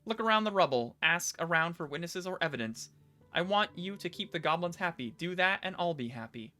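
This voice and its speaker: A bright, lively-toned male magistrate with a scheming, imperious edge, lecturing his underling as if tired of explaining, as a man reads his lines aloud. Faint music plays underneath. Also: high voice, brisk. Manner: smooth, lecturing, pressing. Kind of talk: reading game dialogue aloud.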